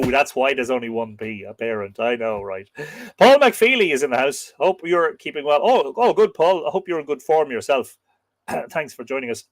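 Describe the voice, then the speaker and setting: A man with an Irish accent hosting a casual live stream, playfully reading out and answering viewer comments. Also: medium pitch. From Ireland.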